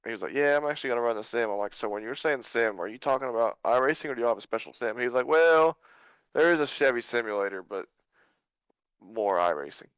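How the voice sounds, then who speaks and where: A man's voice: medium pitch, lively intonation, fast talker, fairly bright tone, clean tone, dry recording, low-quality recording. A man who drives in a sim racing league, chatting casually on a podcast and telling stories in an easygoing way. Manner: easygoing, storytelling.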